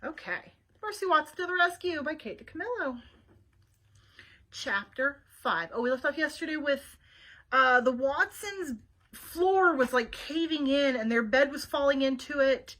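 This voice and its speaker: A woman librarian reads a storybook aloud to children over a webcam, pausing for chatty asides about the pictures she shows them. Her voice is high and bright, with a forceful tone and a moderate pace.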